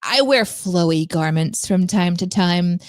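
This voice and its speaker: Chatty woman co-host, low and dry. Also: a little slow, dry recording. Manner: chatty, laughs often, storytelling. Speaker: podcast co-host. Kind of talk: casual chat.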